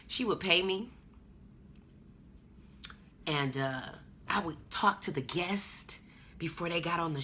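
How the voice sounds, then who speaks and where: A woman's voice: low voice, pushed and bright, slight background noise. A woman hosting her own podcast, preaching emphatically in slangy casual talk. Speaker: podcast host. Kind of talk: casual motivational monologue.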